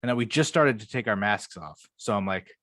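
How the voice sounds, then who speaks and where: A young man with a fairly low voice talks through a casual podcast chat, rambling loosely and dropping plenty of swear words. The sound is dry and close, with no room echo. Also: expressive, a little fast, sharp tone. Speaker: podcast co-host.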